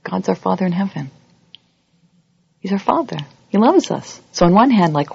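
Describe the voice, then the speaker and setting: Religious teacher, sermon, husky voice, animated storyteller, lo-fi dry recording. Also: mid-range voice, moderate pace, no room sound. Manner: lively, acts out everyday scenes in other voices. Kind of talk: holiday sermon to a congregation.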